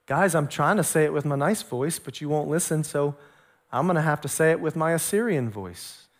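A man's voice: a little high, lively intonation, moderate pace, pitched below the performer's own voice. A man voicing God as a patient father. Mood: coaxing. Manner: coaxing, softly warning.

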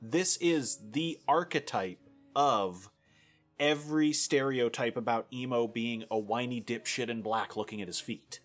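A man with a mid-range voice co-hosts a casual music podcast, speaking unhurriedly. His chat is full of dry, sarcastic criticism.

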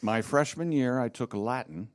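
A man's voice: medium pitch, moderate pace. A man in casual chat, telling wry, self-mocking stories about school.

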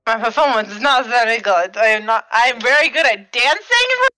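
A woman playing a tabletop game in a relaxed, casual way. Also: fairly high pitch, fairly quick, no echo, rough recording. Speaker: player.

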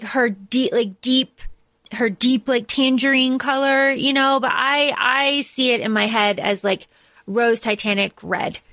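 Podcast lady gushing about a movie, lots of ums and restarts, kinda high voice. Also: bright, forceful tone, no room sound. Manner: emotional, gushing, many fillers and restarts. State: tearing up. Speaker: podcast co-host. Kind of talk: casual movie discussion.

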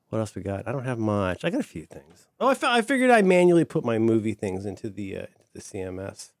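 A man's voice: lowish voice, huge pitch swings, normal speed, gravelly, a little mellow, no echo, studio quality. A middle-aged man chatting casually as a podcast co-host, enthusiastic and rambling, full of fillers and restarts. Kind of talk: casual chat.

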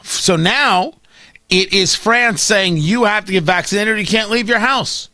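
A man's voice: sits high, a little slow, pushed and bright, dry recording. A middle-aged man hosting a talk radio show, delivering an opinionated monologue in a sarcastic, combative way.

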